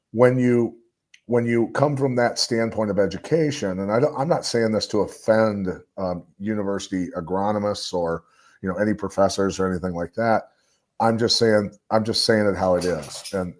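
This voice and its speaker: A man's voice: lowish voice, a little mellow. A man talking as a podcast guest, rambling and emphatic, with lots of fillers. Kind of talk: casual podcast discussion.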